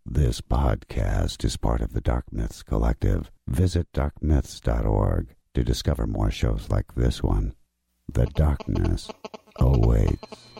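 Very deep gravelly male announcer. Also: lively intonation, takes it slowly. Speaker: podcast network announcer. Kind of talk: scripted promo announcement.

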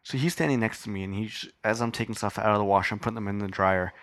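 A man's voice: lowish voice, fast talker, fairly bright tone, dry recording. A man hosting a podcast from a home studio, telling a rambling story with casual swearing. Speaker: podcast host.

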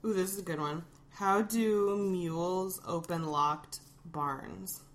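A woman's voice: fairly low pitch, slow pace. A woman co-hosting a podcast from her kitchen in casual chat, wry and giggly with dramatic complaints. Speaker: podcast co-host.

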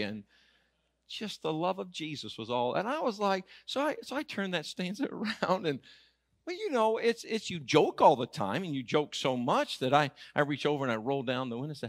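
Animated preacher man telling stories. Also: on the high side, normal speed, no echo, clean studio sound. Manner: animated, humorous, emphatic storytelling. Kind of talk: storytelling sermon. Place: auditorium.

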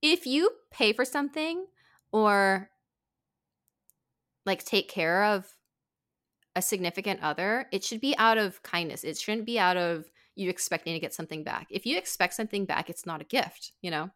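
Bright, animated young woman telling a story. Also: normal speed. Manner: animated, acts out quotes with big pitch jumps. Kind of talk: casual storytelling chat.

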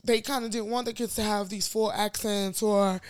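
A woman's voice: medium pitch, steady tone, normal speed. A young American woman co-hosting a podcast, talking in a rambling casual way with many fillers and restarts. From United States. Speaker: podcast co-host. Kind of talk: casual chat.

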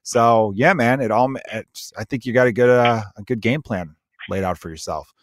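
A man's voice: mid-range voice, moderate pace, dry recording. Blunt swearing man, dry sound. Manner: blunt, swearing, giving advice. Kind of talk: casual podcast chat.

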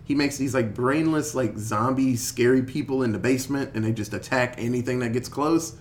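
Dude recapping a horror movie on a podcast, swears a lot, does little voices for everyone. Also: male voice, mid-range voice, a little fast, a little hiss or hum. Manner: animated, swearing, acts out characters' lines. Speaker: podcast host recapping a film. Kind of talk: casual chat.

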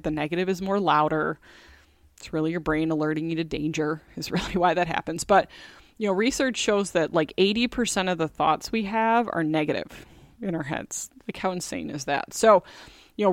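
A woman's voice: on the low side, no echo, clean studio sound. A middle-aged woman hosting a podcast, talking in a chatty, candid way with many fillers. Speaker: podcast host. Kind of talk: casual solo podcast talk.

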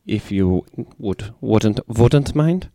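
A man putting on a jokey German accent to voice a male football manager writing to Santa, reading haltingly. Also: on the low side, animated, warm tone, heavily acted. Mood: jovial. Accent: put-on German. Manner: halting, hesitant reading of a letter.

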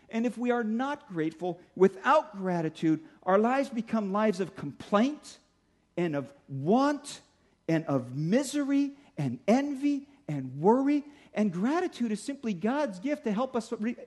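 A middle-aged male pastor preaching a sermon in a conversational way, slowing down to stress key points. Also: sits high, darkish tone. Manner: conversational preaching, slows for emphasis.

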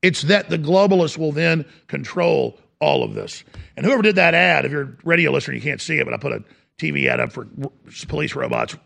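A man's voice: fairly high pitch, animated, a little fast, creaky, a bit bright. A middle-aged man hosting a talk radio show, delivering an impassioned, ranting monologue.

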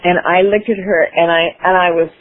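A woman's voice: fairly low pitch, fairly even intonation, a little fast. A woman guest in an interview, telling a personal story with enthusiasm, laughing and acting out her past self. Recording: phone-like radio broadcast.

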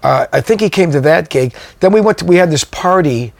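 A man's voice: fairly high pitch, animated, brisk, vocal fry, no room sound. A man, a touring drummer, telling stories in a casual interview, rambling with many fillers and restarts. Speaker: guest drummer.

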